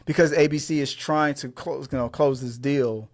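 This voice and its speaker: A man's voice: mid-range voice, steady tone, moderate pace. A man co-hosting an entertainment news show, talking in heated casual commentary, profane and full of stammered restarts. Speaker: co-host of movie news show.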